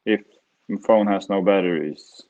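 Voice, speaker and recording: A man's voice: low-pitched, measured pace, darkish tone. A man practicing as a student in a language lesson, hesitant and searching for words. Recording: dull lo-fi recording.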